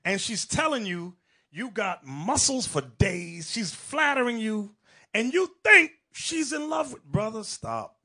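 A male preacher with a high, husky voice delivers an animated sermon. His pitch swings widely, and his tone is bright and forceful. He is emphatic and mocking, and he acts out the people in his stories. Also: unhurried.

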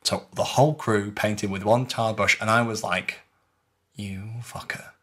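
A man co-hosting a podcast, telling an animated story in casual chat and acting out the voices of others. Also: lowish voice, normal speed. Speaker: podcast co-host recounting a LARP.

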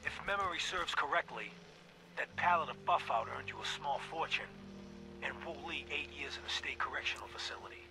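A man's voice: a little high, lively intonation, a little fast, noisy background. An actor playing a scheming male mob boss, talking smugly and menacingly in a recorded game audio log. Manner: smug, menacing.

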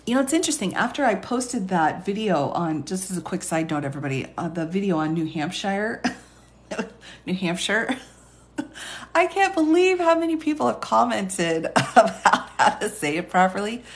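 A woman with a raspy voice and a Texas accent, an attorney on a live stream who reads legal text aloud and chats with viewers between passages, laughing often. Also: mid-range voice, big pitch swings, moderate pace. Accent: Texan. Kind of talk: casual live-stream reading and commentary.

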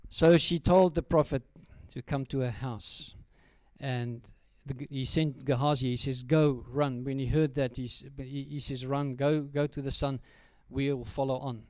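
A man's voice: medium pitch, steady tone, a little slow, darkish tone, dry recording. A man, preaching a sermon as pastor and telling a story in a direct, storytelling way, often turning to address the children.

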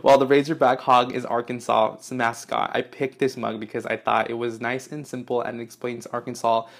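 Young guy unboxing fan gifts, gushy and sweary, gasps and squeals a lot, mid-pitched. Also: flat delivery, normal speed, gravelly. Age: young adult. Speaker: YouTuber unboxing fan mail. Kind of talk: excited casual vlog.

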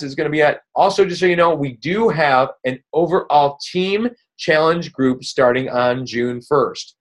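A man hosting a weekly coaching call, talking casually and upbeat, rambling with many fillers and restarts. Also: mid-range voice. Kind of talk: casual motivational coaching talk.

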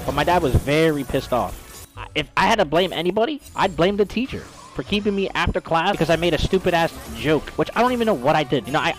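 A man streaming a game while telling a story in casual, profane slang, calling his listeners bro. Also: on the high side.

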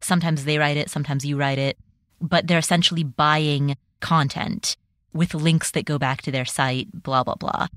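A woman hosting her own podcast, talking on her own in a nervous, quick, self-deprecating way with small jokes. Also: deep voice, fairly even intonation, fairly bright tone, dry recording, clean studio sound. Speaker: podcast host. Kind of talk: personal solo podcast talk.

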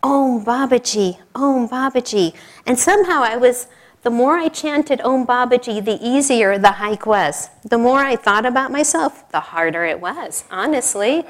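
A woman's voice: on the high side, normal speed. A middle-aged woman telling a personal story in an informal sermon, chatty, with frequent laughs and asides. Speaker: speaker at a spiritual service.

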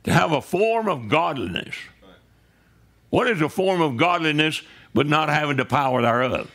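A man preaches a sermon in a loose, conversational way, often pausing to check in with his congregation. His voice sits a little high and has a gravelly edge. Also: animated, a bit bright. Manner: conversational preaching with frequent "right?" asides. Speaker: pastor. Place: church sanctuary.

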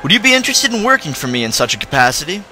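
A man reading out the lines of a grave male city guard officer in a fantasy game, in a plain, even voice. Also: a little high, racing, soft background music, pitched above the performer's own voice, heavily acted. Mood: earnest.

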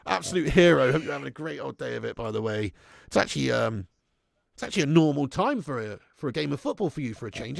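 A young man hosting a live football watch-along, chatting with viewers in a laddish, sweary way and breaking into shouts at big moments. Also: on the high side, creaky, dry recording, clean studio sound. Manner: laddish banter, swears freely, reads chat aloud, bursts into shouts. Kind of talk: live stream chat and commentary.

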